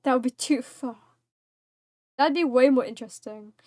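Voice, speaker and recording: A woman's voice: high voice, moderate pace, dark tone, no room sound, clean studio sound. A woman streaming a story game, reacting in a playful, dramatic, jokey way. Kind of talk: casual gaming stream commentary.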